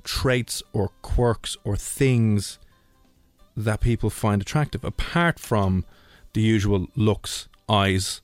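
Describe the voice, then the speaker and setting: A man's voice: lowish voice, takes it slowly, no echo, faint music behind. Male radio host, chatty, rambles, dry studio mic. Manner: rambling, jokey, lively. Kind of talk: casual radio chat.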